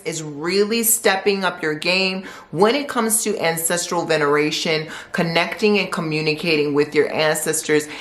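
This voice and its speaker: A woman's voice: lowish voice, fairly bright tone, roomy sound. A woman giving a tarot forecast, asking a string of reflective rhetorical questions. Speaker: tarot reader.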